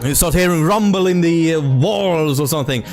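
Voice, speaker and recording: A young man chats casually on a live stream, rambling and animated with playful swearing. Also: fairly high pitch, moderate pace. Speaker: indie game developer streaming. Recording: faint music in background.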